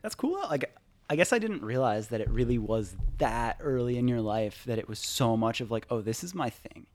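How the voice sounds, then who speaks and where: A man's voice: mid-range voice, expressive, normal speed, a little mellow. A man hosting a casual interview, loose and encouraging, swearing offhandedly. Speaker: podcast host. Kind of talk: casual chat.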